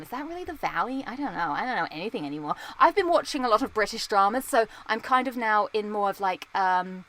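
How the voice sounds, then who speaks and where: A woman's voice: mid-range voice, a bit bright. A young woman streaming and chatting casually with viewers, rambling and playful, full of fillers and restarts, often laughing at herself. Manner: playful, self-mocking. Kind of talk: casual chat.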